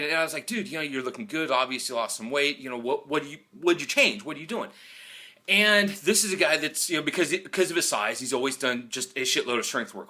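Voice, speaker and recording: Fitness guy rambling thru a story on his vlog, bright voice, lots of you-knows. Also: lowish voice. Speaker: fitness coach.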